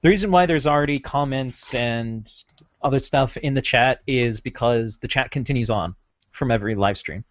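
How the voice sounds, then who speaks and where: A man's voice: mid-range voice, moderate pace, dry recording, lo-fi sound. A man in an online tabletop game, talking hesitantly with many fillers. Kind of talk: casual game chat.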